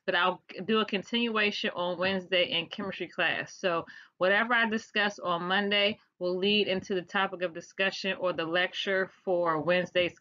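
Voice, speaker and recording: Bright-voiced woman with a DC twang. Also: medium pitch. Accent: Washington DC. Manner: chatty, slangy, playful teacher. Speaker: science vlogger teaching class. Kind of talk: casual video lecture. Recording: dull lo-fi recording.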